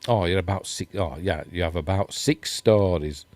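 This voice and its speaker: A man's voice: deep voice, normal speed, a little mellow, dry recording. A middle-aged man with a Yorkshire accent, hosting a casual news chat and rambling through articles and stories. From Yorkshire, England. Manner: rambling, chatty, self-deprecating, reads quotes and chat comments. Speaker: host.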